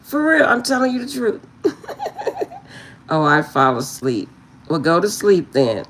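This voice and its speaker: With slight background noise behind her, a middle-aged woman who reads tarot shares an amusing story about her family with viewers. Her lowish voice moves at normal speed, and she's lively, laughing frequently and repeating that she's serious.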